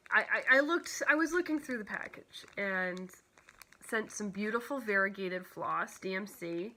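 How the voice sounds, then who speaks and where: A woman chats casually on camera about her craft hobby, gushing and filling her talk with "like" and "you know." Her voice is bright and forward, with a faint hiss of noise behind it. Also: medium pitch, expressive, measured pace. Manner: emotional, near tears at times. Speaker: cross-stitch vlogger. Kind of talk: casual show-and-tell chat.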